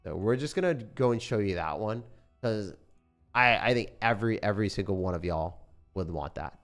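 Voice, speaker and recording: A young man streaming a game, chatting casually in a relaxed, rambling way with lots of fillers. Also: fairly low pitch, normal speed, faint music behind. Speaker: gaming streamer. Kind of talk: casual sponsored stream chat.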